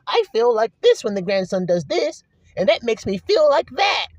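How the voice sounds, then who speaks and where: A man voicing a whiny, offended listener who complains and stammers in a high, self-pitying voice. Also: big pitch swings, moderate pace, no echo, full character voice. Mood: pleading. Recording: dull lo-fi recording.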